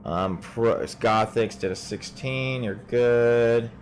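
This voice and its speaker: A man narrating a tabletop game as game master, relaxed and rambling, with plenty of filler words. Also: mid-range voice, slow.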